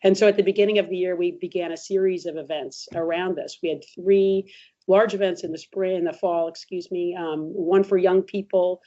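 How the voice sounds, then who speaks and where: A middle-aged woman, hoarse from a cold, speaking earnestly as a webinar guest with many fillers. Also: fairly low pitch, fairly even intonation, a little fast, dark tone. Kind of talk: webinar talk. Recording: dull lo-fi webinar audio.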